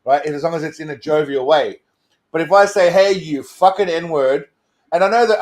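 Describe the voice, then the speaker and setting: An Australian man talking in a casual livestream chat, with a voice pitched somewhat high for a man. He rambles, trips over his words and laughs often as he explains things. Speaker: co-host of a livestream show.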